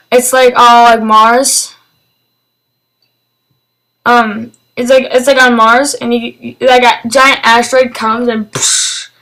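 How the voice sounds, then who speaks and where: A woman's voice: a little high, bright, forceful tone, poor audio. A woman giving a casual spoken film review, enthusiastic and rambling, with lots of fillers and restarts.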